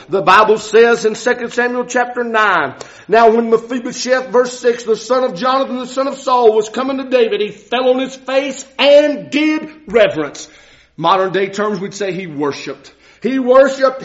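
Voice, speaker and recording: A male preacher delivering a fervent, dramatic sermon, often shouting and acting out the voices of biblical figures. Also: very high voice. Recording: dull lo-fi recording.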